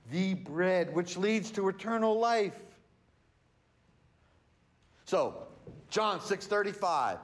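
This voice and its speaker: A male pastor delivering a sermon in a high voice. He talks slowly and deliberately. He stresses single words to drive each point home. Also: lively intonation. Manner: emphatic, teaching with pauses and stresses.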